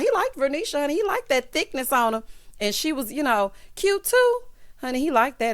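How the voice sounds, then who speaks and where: A woman's voice: fairly high pitch, a bit bright. A young woman hosting a casual reality show recap, sassy and chatty, calling viewers honey and child. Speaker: YouTube recap host.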